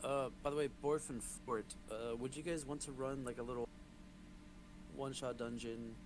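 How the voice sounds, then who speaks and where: A man acting as game master, chatting casually over a voice call and pitching a short session, hesitant and full of fillers. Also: fairly even intonation, moderate pace, over music. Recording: noisy voice chat line.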